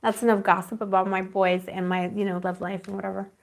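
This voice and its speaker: A woman talks her viewers through a live tarot reading at an average pitch. She rambles in a dreamy, affectionate way, stops to hunt for words, and keeps slipping in pet names for the people watching. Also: little pitch movement, fast, gravelly, slight background noise. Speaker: tarot reader.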